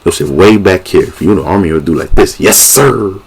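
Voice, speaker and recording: A young man vlogging a casual movie recap, an animated storyteller who keeps laughing and acting out the scenes. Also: low voice, fast talker, slightly rough. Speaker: YouTube vlogger.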